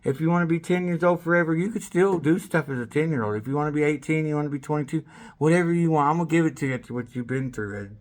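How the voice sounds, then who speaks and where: A man talking in a rambling, casual monologue, swearing freely and breaking into laughter, swinging from loud excitement to low mumbles. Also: very fast. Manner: rambling, with restarts and bursts of laughter. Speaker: vlogger.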